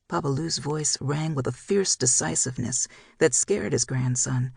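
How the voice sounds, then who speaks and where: Audiobook narrator, gravelly raspy voice, dry close recording, measured dramatic reading. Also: mid-range voice, darkish tone, no echo. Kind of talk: scripted narration.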